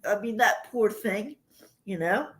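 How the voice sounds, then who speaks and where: A woman's voice: medium pitch, animated, measured pace, a bit bright. An older woman hosting a livestream, chatting casually with viewers and rambling through personal stories. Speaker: livestream host.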